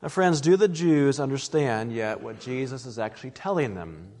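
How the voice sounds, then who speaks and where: A man's voice: mid-range voice, animated, moderate pace, darkish tone, big-room sound. A man preaching an expository sermon, earnest and emphatic, often addressing his listeners as friends.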